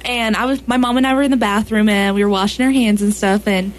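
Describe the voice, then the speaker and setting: A woman co-hosting a radio show, telling a childhood story in a lively way. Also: mid-range voice, fast, a little hiss or hum. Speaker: radio co-host. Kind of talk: casual radio chat.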